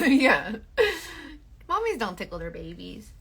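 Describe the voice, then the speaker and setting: Bright rambling woman, twang. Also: fairly low pitch, big pitch swings, takes it slowly, gravelly, slightly rough. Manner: rambling, filler-heavy, restarts often. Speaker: beauty livestream host. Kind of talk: casual makeup chat.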